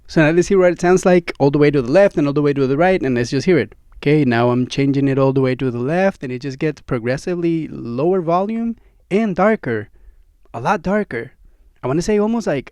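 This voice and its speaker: A slightly high-voiced man chats eagerly about his gear, checking in with the listener as his friend. He is recorded close on studio mics in a dead, dry home studio. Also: a little mellow, dry recording. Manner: enthusiastic, chatty, addresses viewer as friend. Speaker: gear reviewer. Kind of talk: casual demo talk to camera. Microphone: studio microphones, swapped during test.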